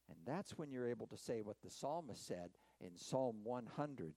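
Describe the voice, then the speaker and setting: Male pastor preaching a sermon, mellow tone, lively rising and falling delivery, dry close sound. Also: mid-range voice, moderate pace, few pauses, dry recording, poor audio.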